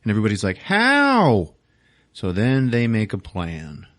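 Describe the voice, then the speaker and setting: A male podcast host giving a casual movie recap, full of crude jokes and his own laughter. His voice sits low and sounds close and dry. He keeps acting out the scenes as he goes. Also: expressive, fairly quick, a little mellow, dry recording.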